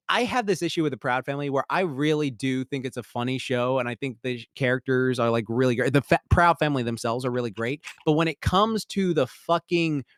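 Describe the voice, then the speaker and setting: A man's voice: on the high side, a bit bright, dry recording, studio quality. A man co-hosting a podcast, giving a casual, rambling review full of fillers and swearing. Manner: rambling, profane, many fillers, bursts into heated outrage. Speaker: podcast co-host.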